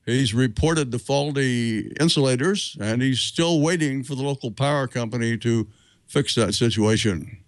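Steady male host reading announcements. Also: medium pitch, moderate pace, no echo. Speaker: show host. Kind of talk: scripted announcements.

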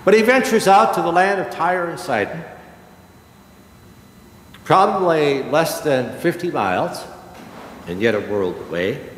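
Slow-preaching older man in an echoey church. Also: on the high side, animated, fairly bright tone, slight background noise. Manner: slow, emphatic preaching with dramatic pauses. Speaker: pastor. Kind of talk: sermon. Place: church sanctuary. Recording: echoey church hall with long reverb.

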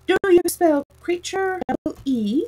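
A woman's voice: very high voice, expressive, a little slow, warm tone, voice pushed up, low-quality recording. A woman voicing a nervous, quavering old king in a storybook reading. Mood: fretful. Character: fretful timid old male king.

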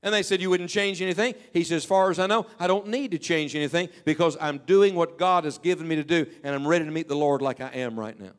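A middle-aged man preaching a sermon, telling stories and dropping to a hush when he quotes people. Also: on the high side, quick pace, hardly any pauses. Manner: storytelling preaching, quoting people in hushed tones.

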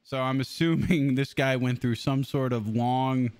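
Male streamer, casual crude chatter over gameplay, middle pitch, quick to laugh and swear. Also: fairly even intonation, a little mellow, clean tone, dry recording. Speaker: game streamer. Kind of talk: casual live-stream chat.

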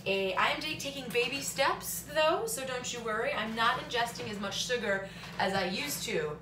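A woman's voice: a little high, expressive, moderate pace, echoey room, background noise. A woman in her thirties vlogging casually from her home kitchen, chatty and jokey, slipping into silly sung bits. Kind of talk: casual vlog chat. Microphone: camera on a tripod.

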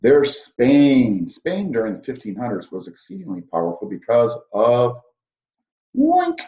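A male history teacher walks through a map with a joking, easygoing manner. His pitch moves in a lively way. The sound is echoey and a little dull, like a lo-fi room recording. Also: normal speed. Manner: jokey, leads a map walkthrough. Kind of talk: co-taught history lesson.

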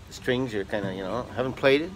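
A man's voice: medium pitch, fast talker, slight background noise, poor audio. A man musician chatting casually on a porch between songs, rambling in a folksy way with lots of fillers. He is recorded on a phone. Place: porch, outdoors. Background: loud acoustic guitar playing.

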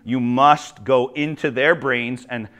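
A man from Ontario, a teacher telling jokey, animated stories in a conference talk. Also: medium pitch, slow. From Ontario, Canada. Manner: animated, jokey, acts out quoted voices. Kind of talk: humorous storytelling presentation.

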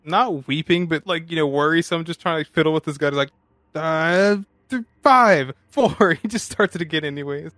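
A man's voice: fairly high pitch, steady tone, brisk, a bit bright, no room sound, studio quality. Laid-back man making joking asides. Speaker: podcast co-host. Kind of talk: casual movie chat over beer.

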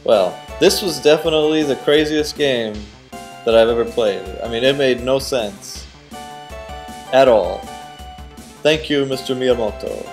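A man giving casual, excitable commentary while playing a video game, cheering on the character and guessing at the boss's moves. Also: mid-range voice, measured pace, soft background music. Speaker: let's play host.

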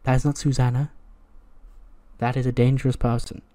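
A man's voice: medium pitch, level tone, moderate pace, mellow. A man giving casual, rambling, jokey commentary on a game he is playing. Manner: rambling, jokey, slangy storytelling. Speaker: gaming YouTuber. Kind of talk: casual let's-play commentary.

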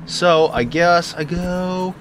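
A man's voice: high voice, slow, a little hiss or hum. A man giving jokey let's-play commentary, talking back to the game and stuttering when startled. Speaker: gaming channel host.

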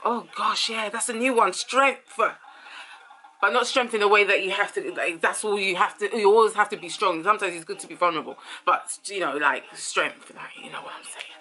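A woman's voice: medium pitch, normal speed. A woman from Ghana hosting a casual vlog, talking animatedly and now and then dropping to a whisper. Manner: animated, drifts into whispers and singing. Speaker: host.

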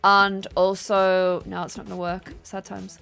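A young woman streaming a building game, chatting casually and excitedly thanking her viewers. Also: medium pitch, a little slow, creaky, clean tone. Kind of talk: casual gameplay livestream chat. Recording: faint music behind.

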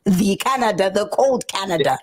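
A woman's voice: mid-range voice, expressive, normal speed, darkish tone. A woman hosting an online radio interview, upbeat and hyping her guest in casual chat. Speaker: radio host.

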